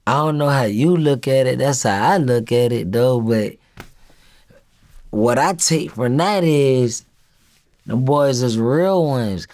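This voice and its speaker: A man's voice: medium pitch, takes it slowly, darkish tone. A man, a rapper guest in an interview, talking in a laid-back, slangy way. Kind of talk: casual interview chat.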